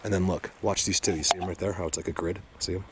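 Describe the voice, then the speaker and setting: A man's voice: low voice, fairly even intonation, fast talker, background noise. A man filming himself on a forest hillside, out of breath and insistent as he points things out to viewers. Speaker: vlogger. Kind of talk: outdoor field vlog.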